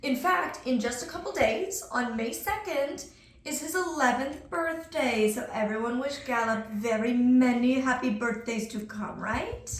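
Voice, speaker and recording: A woman's voice: high voice, measured pace. A young woman chatting casually at home as a vlogger, laughing often and acting out quotes. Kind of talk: casual chat. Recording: echoey room, faint noise.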